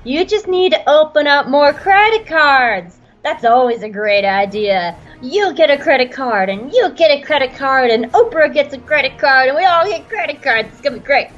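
A woman voicing a smug, scheming male senator in a loud, salesy tone, on a dull lo-fi recording. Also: high-pitched, animated, normal speed, hardly any pauses, faint music behind, voice pushed up.

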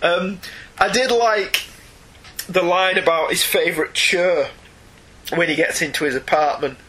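An English man co-hosting a casual comics podcast, chatty and animated with jokey asides. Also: sits high, measured pace. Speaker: podcast co-host.

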